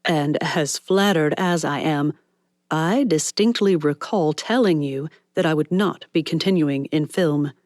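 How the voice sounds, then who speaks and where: A woman narrator voicing a reluctant young male film star who speaks quietly and hesitantly. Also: on the high side, unhurried, no room sound, studio quality, lightly acted. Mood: firm.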